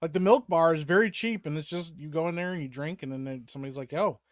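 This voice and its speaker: A laid-back man with a somewhat high voice tells stories in easy slang, drifting along. The recording is dry and close. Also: fast, no room sound. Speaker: podcast guest. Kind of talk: casual chat.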